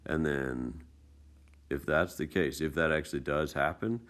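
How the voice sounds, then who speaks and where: A man teaching math in a casual screencast lesson, explaining steps in a relaxed, chatty way with folksy asides. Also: rumbling low, a little slow. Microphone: tablet screencast mic.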